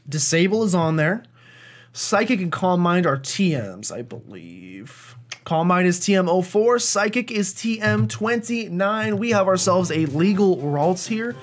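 A man hosting a let's play, giving casual gameplay commentary in a chatty, jokey, rambling way. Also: sits high.

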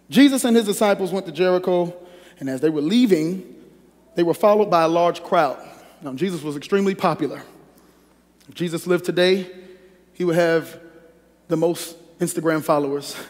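A pastor preaching a sermon and reading scripture, with lively call-and-response that teases the congregation. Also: male voice, a little high. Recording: echoey hall reverb.

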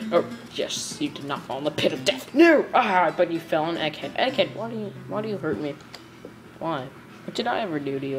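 A young woman giving animated gameplay commentary, yelping and shrieking when she fails. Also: sits low. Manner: animated, yelps and shrieks at failures. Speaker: gamer. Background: game music.

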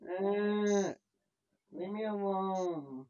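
A man's voice: fairly high pitch, takes it slowly, long pauses, lo-fi sound. A man playing a game and commenting on it, frustrated and swearing at enemies, recorded on a laptop mic. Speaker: gamer. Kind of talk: gameplay commentary.

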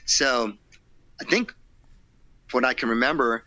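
A man, a rock singer guesting on an interview show, telling stories in a casual, animated way and acting out old conversations. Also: mid-range voice, unhurried, no room sound. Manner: animated storyteller acting out quotes, laughing, swearing.

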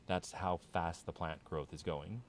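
Deep-voiced male streamer, casual running commentary while he plays. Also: steady tone, unhurried, slight background noise. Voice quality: low voice. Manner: rambling, thinking aloud to viewers. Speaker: game streamer.

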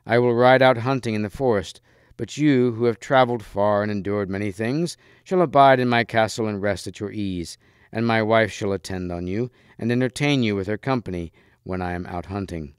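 A man reading the part of a jovial lord of a castle, who speaks heartily and a little louder. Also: lowish voice, normal speed, clean tone, dry recording, studio quality, lightly acted. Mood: hearty. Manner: hearty, boisterous, a bit louder.

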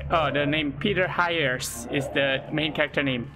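A man commentating a horror game let's play, excitable, swearing and yelping at scares, in non-native English. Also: a little high, measured pace, rough recording. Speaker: gaming YouTuber. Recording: loud game music behind.

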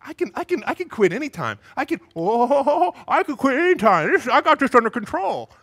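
A male preacher voicing a boastful strongman who brushes off any danger, a bit higher and louder than his own voice. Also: sing-song, brisk, exaggerated voice. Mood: cocky. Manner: boastful, self-assured.

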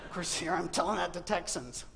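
High-voiced man preaching with comic storytelling. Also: fairly quick, vocal fry, very noisy. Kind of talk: humorous sermon. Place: university auditorium.

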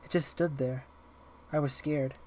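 A man's voice: medium pitch, fairly even intonation, unhurried, natural voice. A man doing a timid little girl. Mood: quiet. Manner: soft and hushed. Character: timid eight-year-old girl, soft-spoken.

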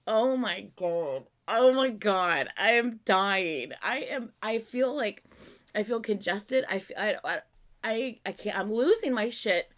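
A woman reacting to a music video in casual commentary, excitable and gushing, swearing often. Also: on the high side.

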